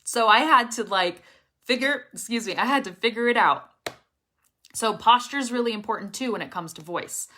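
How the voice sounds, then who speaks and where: A young woman leads a casual online English pronunciation lesson. Her voice is bright and strong, well supported and carrying, with energetic emphasis throughout. She keeps checking in with her viewers, often asking "okay?". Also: on the high side, normal speed, slight background noise.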